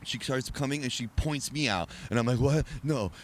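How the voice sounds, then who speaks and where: A man telling wild stories as a podcast guest in casual chat, animated and profane, often laughing as he talks. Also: medium pitch, fairly quick, slight background noise.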